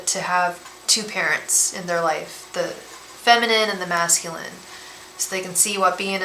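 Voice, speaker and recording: A woman reading tarot cards on a live stream, talking gently and emotionally, often repeating and restarting her words. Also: lowish voice. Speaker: tarot reader and psychic medium. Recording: echoey room with faint background hiss.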